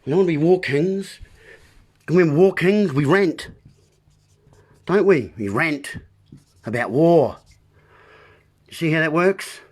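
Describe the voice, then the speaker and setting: A man's voice: on the high side, expressive, slow pace, long pauses. A man delivering a rambling monologue as host, full of playful wordplay and talking straight to the listeners as folks.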